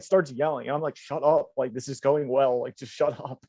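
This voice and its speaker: A man's voice: medium pitch, a little fast, few pauses, mellow, husky, no echo. A young man telling rambling, profane stories and laughing on a casual podcast. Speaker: podcast co-host. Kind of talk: casual storytelling. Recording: dull lo-fi podcast audio.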